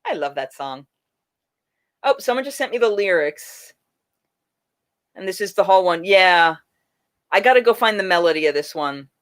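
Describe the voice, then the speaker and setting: A woman's voice: medium pitch, animated, moderate pace, long pauses. A woman hosting a casual livestream, chatting with viewers and calling them by name. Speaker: livestream host and festival singer.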